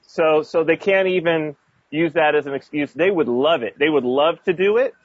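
A man's voice: fairly high pitch, normal speed, breathy edge, no echo, highs cut off. A man chatting casually on a podcast, rambling with many restarts and fillers. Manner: rambling, many restarts and fillers, laughs while telling stories. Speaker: expat guest telling stories.

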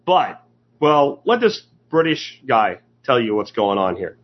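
Sarcastic husky-voiced man. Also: mid-range voice, sing-song, a little slow. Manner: sarcastic, opinionated, rambling with restarts. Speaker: podcast host. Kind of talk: casual commentary monologue. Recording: dull lo-fi recording.

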